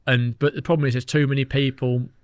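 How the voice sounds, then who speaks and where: Fast-talking Englishman telling stories. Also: medium pitch, smooth, no echo, clean studio sound. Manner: fast, animated storytelling with quoted dialogue. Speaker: podcast guest, angler. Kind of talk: casual chat.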